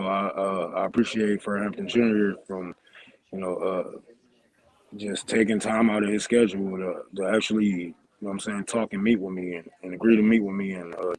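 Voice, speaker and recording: A man calling in from a train station, talking quietly and haltingly with many fillers. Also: low-pitched, poor audio. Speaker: guest calling in.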